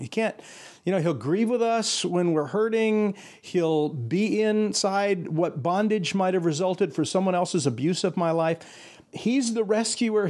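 An older man talks about faith in an earnest, searching way. He often restarts his thoughts mid-sentence. His voice sits a little high for a man. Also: darkish tone. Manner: earnest, pauses and restarts while thinking aloud. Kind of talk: reflective faith conversation.

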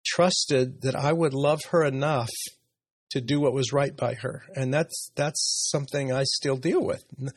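A man in his sixties, a podcast host, talking candidly and emotionally about his life in a personal conversation, with soft laughs. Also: mid-range voice, fairly even intonation, measured pace, breathy edge, no room sound. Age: 60s.

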